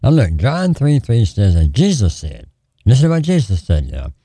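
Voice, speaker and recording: A male radio preacher with a low, dark, mellow voice that rises and falls a great deal as he prays and preaches. He pleads and repeats phrases in a steady preaching cadence, recorded close and dry in the studio. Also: moderate pace, husky, no echo. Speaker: radio preacher taking prayer calls.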